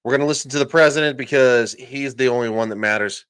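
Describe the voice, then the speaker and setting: A man hosts a live stream with casual, excitable commentary. His voice sits at an ordinary pitch, and he is quick to laugh at himself. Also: very noisy. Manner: excitable, self-deprecating, quick reactions.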